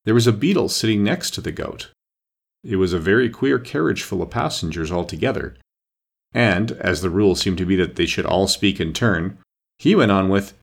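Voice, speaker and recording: A man narrating a children's storybook aloud with an expressive, lively delivery. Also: on the low side, moderate pace, creaky, husky. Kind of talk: storybook reading.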